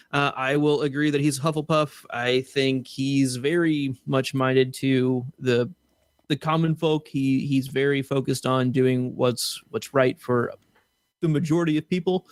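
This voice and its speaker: A man's voice: fairly high pitch, no room sound, clean studio sound. A man hosting a casual podcast panel, moving the discussion along in an upbeat, jokey way. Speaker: podcast host leading the discussion.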